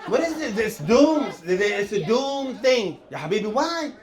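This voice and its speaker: A man doing a rambling stand-up routine, chuckling through his lines and stumbling over hesitant pauses. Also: high voice, big pitch swings. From Lebanon. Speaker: stand-up comedian.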